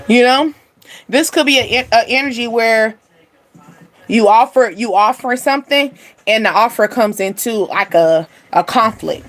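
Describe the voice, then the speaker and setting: A woman's voice: on the high side, a little slow, a bit bright. A woman hosting a spiritual reading channel, talking casually and bluntly to her viewers with frequent asides. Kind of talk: casual tarot-style energy reading.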